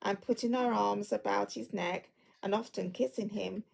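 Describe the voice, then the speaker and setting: A woman reading a classic story aloud at an unhurried pace, stumbling now and then and correcting herself. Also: medium pitch, steady tone, vocal fry, a little mellow, rough recording.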